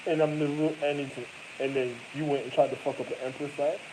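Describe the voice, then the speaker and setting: A man's voice: fairly high pitch, little pitch movement, a little fast, background noise. A man talking in a rambling, profane monologue, often breaking into laughter.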